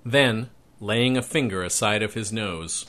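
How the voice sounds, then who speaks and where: A man reading his own story aloud in a steady, measured narration. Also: on the low side. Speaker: narrator and author.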